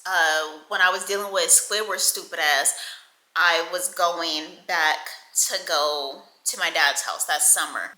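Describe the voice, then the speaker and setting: A woman in her twenties telling a casual storytime, chatty and animated, swearing and laughing a lot. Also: medium pitch. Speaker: vlogger. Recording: echoey room.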